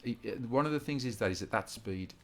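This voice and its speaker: A man's voice: mid-range voice, a little fast. A man teaching a guitar rhythm lesson in an informal way, often restarting his sentences and counting beats aloud.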